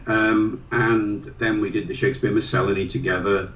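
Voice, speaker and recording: A man's voice: fairly low pitch, steady tone, moderate pace, a bit bright. An older man speaks as an interview guest, easing into anecdotes with many small hesitations and fillers. His voice carries a roomy echo. He sounds set back from the microphone. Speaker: guest, linguist. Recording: roomy sound from a distant mic.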